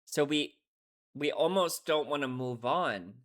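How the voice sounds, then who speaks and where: A man's voice: on the high side, measured pace. A young man talking through song lyrics in a casual reaction video, earnest and emotional, often checking in with "right?". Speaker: music reaction YouTuber.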